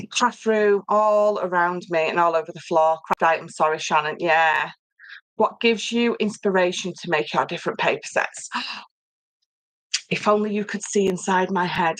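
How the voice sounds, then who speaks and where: Middle-aged woman, casual livestream host, low-pitched, dry close sound, chatty and rambling. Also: a bit bright, no room sound, low-quality recording. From England. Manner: chatty, rambling, reads viewer comments aloud. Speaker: papercraft host. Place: home craft room.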